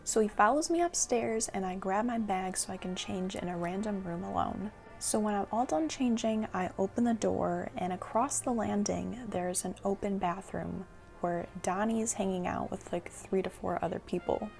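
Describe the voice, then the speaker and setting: A young woman in her twenties telling a casual storytime vlog, animated, with laughs and whispered asides. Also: medium pitch, moderate pace, gravelly, faint music behind. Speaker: storytime vlogger.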